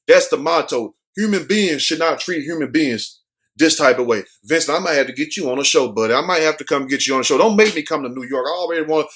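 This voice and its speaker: A man's voice: medium pitch, a bit bright. A man hosting a show, giving casual, joking news commentary full of cursing and street slang. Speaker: show host.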